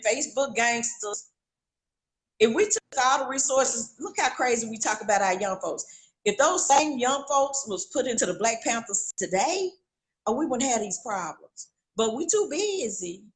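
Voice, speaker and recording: A woman's voice: high voice, poor audio. An older woman calling in, speaking bluntly and emphatically. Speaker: caller. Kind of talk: impassioned opinion talk.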